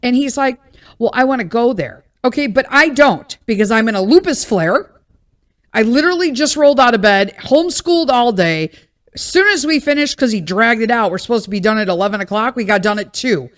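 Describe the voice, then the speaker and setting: A woman's voice: fairly high pitch, animated, a little fast, fairly bright tone. A woman, hosting a podcast and venting bluntly in a casual, exasperated monologue, swearing freely. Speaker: podcast host.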